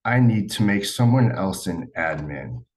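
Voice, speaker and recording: A man's voice: sits low, expressive, measured pace, a little mellow. A man hosting an online class, casually thinking aloud as he sets up the meeting. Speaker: meeting host.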